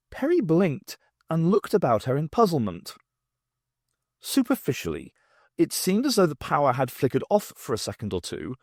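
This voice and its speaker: A man narrating a novel as an audiobook in an expressive storytelling manner. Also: medium pitch, no echo, studio quality. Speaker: audiobook reader.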